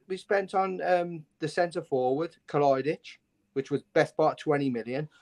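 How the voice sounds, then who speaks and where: A man on a fan phone-in show, speaking in an impassioned, ranting way in heated debate. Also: on the high side. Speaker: fan panelist.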